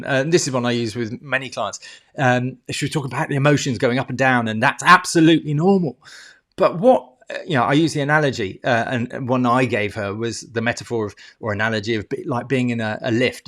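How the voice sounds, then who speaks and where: A man's voice: mid-range voice, fairly bright tone. A middle-aged man who works as a life coach talks casually to camera. He restarts his sentences often, swears now and then, and makes little ding sound effects as he goes. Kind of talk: casual teaching monologue to camera.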